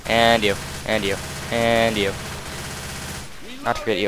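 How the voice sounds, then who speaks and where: Low slow-talking man playing a game. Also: little pitch movement. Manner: loud bursts of yelling at enemies between mumbled asides. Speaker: gameplay commentator. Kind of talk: casual let's-play commentary. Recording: faint game noise behind.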